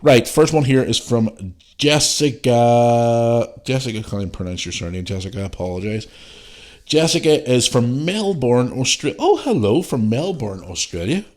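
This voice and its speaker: A man's voice: mid-range voice, lively intonation, moderate pace, a little mellow. A man hosting his podcast, talking bluntly and swearing freely as he rants. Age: adult parent. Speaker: podcast host. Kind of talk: casual solo podcast talk.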